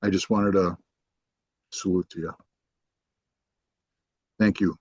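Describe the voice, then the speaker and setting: A man hosting a podcast, commenting casually and haltingly, pausing on ums and restarts. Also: low-pitched, steady tone, slightly rough, no room sound. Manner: hesitant, with frequent ums and restarts. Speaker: podcast host. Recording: dull, dry podcast audio.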